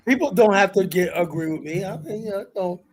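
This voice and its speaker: A male podcast host with a slightly raised pitch leads a heated panel debate, arguing hard and emphatically while swearing freely. He sounds animated and a little fast, with crowd noise around him.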